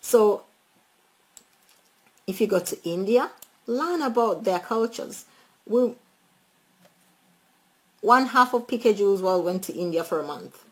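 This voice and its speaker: A woman chatting casually as a travel vlogger, animated and quick to laugh, speaking to her viewers and calling out friends by name. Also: medium pitch, low-quality recording. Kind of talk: casual travel tips chat.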